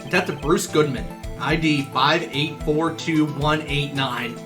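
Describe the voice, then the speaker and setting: Brief: low-voiced, lively woman on a casual game stream, loud game music under her. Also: measured pace. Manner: playful teasing, reads game text aloud. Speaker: co-player of a video game. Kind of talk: casual let's-play chat. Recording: game music playing behind.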